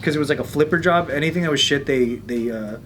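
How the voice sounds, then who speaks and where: A man's voice: on the high side, fast, slight background noise. Rambling man from California. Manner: relaxed, rambling with fillers and restarts. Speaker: podcast co-host. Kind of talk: casual group chat.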